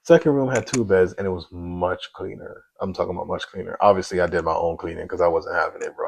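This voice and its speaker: Low gravelly man sharing his story. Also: fairly even intonation, fast talker, a little hiss or hum, poor audio. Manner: conversational and emotional, uses slang. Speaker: single father telling his story. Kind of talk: casual spoken testimony.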